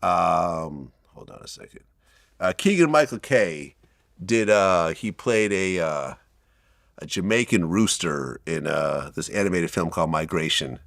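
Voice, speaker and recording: A man's voice: sits low, lively intonation, measured pace, creaky, a bit bright, dry recording, studio quality. A man from Russia hosting a casual interview, chatty and teasing, laughing often. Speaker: interviewer host.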